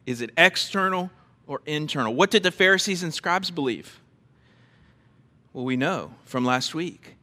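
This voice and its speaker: A man's voice: a little high, animated, unhurried, pushed and bright, long reverb tail. A man preaching a sermon to a congregation, emphatic and quizzing his listeners with questions. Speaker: pastor. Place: church before a congregation.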